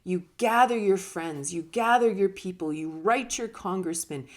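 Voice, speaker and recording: A woman's voice: medium pitch, measured pace. A woman giving a conversational teaching talk on personal growth, emphatic and now and then laughing or acting out short quotes. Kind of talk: casual spoken teaching talk.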